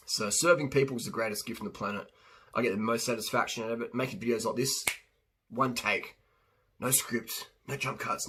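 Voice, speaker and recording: A diet coach rambles through an unscripted one-take monologue. His husky, mid-pitched voice stays blunt and casual as he jumps between points. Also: fairly bright tone.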